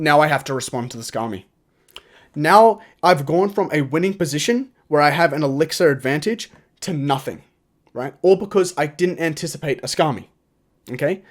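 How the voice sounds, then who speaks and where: A young man giving casual, opinionated gaming commentary, often exasperated and restarting his sentences. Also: fairly high pitch. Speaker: gaming YouTuber. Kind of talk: casual tier-list commentary.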